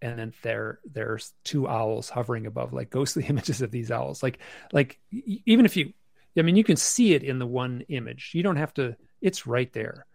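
A man as a podcast guest on a video call from his bedroom, telling a story in a casual, halting way with many restarts and fillers. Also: mid-range voice, creaky, a little mellow, no room sound. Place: bedroom at home.

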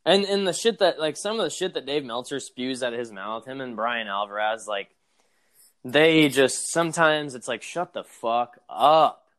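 A man's voice: mid-range voice, lively intonation, a little fast, few pauses, a bit bright. A man co-hosting a wrestling podcast in casual chat, blunt and cynical, swearing now and then. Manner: cynical, blunt, laughs along. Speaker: podcast co-host.

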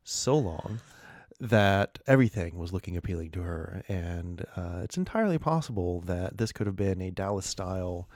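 A man's voice: low-pitched, animated, moderate pace, darkish tone, no echo, clean studio sound. A man co-hosting a podcast in casual comedic chat, wry and given to mock-formal asides. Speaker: podcast co-host.

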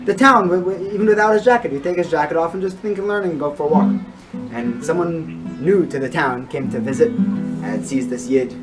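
A man's voice: a little high, fairly quick. A man giving a storytelling sermon, mixing in Yiddish and Hebrew words. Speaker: rabbi giving a weekly Torah talk. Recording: from a distance, with loud guitar music.

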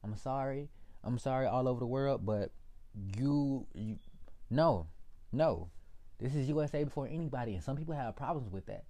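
A man's voice: mid-range voice, brisk. A young man ranting casually to his viewers, profane and rambling, calling them y'all. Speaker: political vlogger.

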